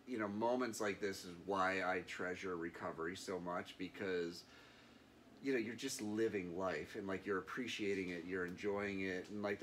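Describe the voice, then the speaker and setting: Earnest low-voiced man recounting his past. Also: a little hiss or hum. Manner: earnest and reflective, many fillers. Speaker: guest. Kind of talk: candid interview.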